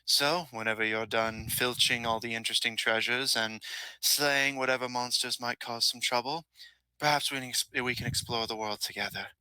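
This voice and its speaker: A man voicing a kindly adult male elf who is an adoptive father, speaking gently and wistfully with a teasing streak. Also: mid-range voice, fairly even intonation, moderate pace, clear, resonant tone, dry recording, low-quality recording. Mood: gentle.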